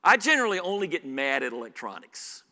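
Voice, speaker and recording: A man preaching a sermon in a church, animated, shifting between loud emphasis and quiet asides and putting questions to the congregation. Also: fairly high pitch, fairly quick. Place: church sanctuary. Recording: live church sermon with long hall reverb.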